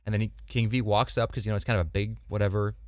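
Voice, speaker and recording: A man co-hosting a podcast, chatting casually and animatedly, swearing and slipping into quick mock voices. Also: lowish voice, little pitch movement, a little mellow. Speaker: podcast co-host. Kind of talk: casual chat.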